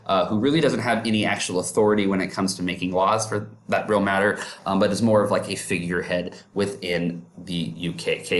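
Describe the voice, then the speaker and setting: A man doing a deliberately bad mock British accent while lecturing. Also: sits low, reverberant, close to an everyday voice. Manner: self-mocking, deliberately bad put-on accent.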